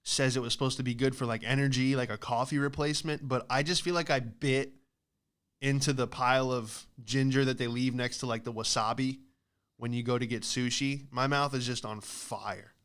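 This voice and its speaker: A young man riffs through a comic monologue on his own show, rambling and poking fun at himself. His voice is bright and crisp. He slips into quick impressions of the people in his stories. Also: medium pitch, fairly even intonation. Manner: rambling, self-deprecating, acts out quoted voices. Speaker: podcast host. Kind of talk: comedic storytelling monologue.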